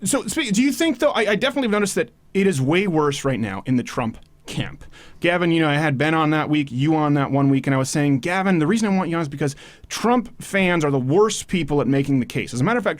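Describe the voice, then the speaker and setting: Fast-talking animated male show host. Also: a little high, dry recording. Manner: animated, quick and joking. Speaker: podcast host. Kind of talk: political talk show debate.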